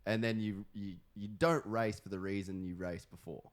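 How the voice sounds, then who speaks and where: A young Australian man with a lowish voice chats loosely on a podcast. He rambles and leans on fillers and swear words. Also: fairly even intonation, moderate pace. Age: 20s. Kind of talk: casual podcast chat.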